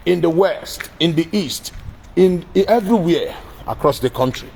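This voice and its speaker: A man's voice: fairly high pitch, animated, moderate pace, a little mellow, slight background noise, low-quality recording. A man with a Nigerian accent giving a blunt political monologue, speaking straight to the president and repeating his points. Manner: blunt, repetitive, addressing the president directly. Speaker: political commentator. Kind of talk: direct-address political monologue.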